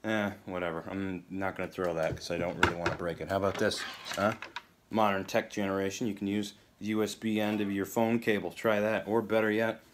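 A man's voice: sits low, level tone, a little fast, noisy background. A man hosting a comedic guitar video, talking in a dry, sarcastic way full of rambling asides. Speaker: video host.

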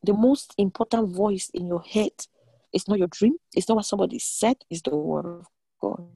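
A woman leading an online prayer meeting, preaching in a motherly, animated way and laughing often. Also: medium pitch, moderate pace, creaky, slightly rough, no room sound. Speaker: prayer leader.

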